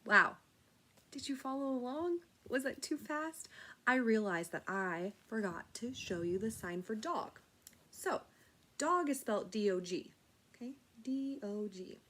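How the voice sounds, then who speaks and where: A woman teaching a children's sign language lesson, speaking gently and patiently and explaining each step. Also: fairly high pitch, lively intonation, measured pace.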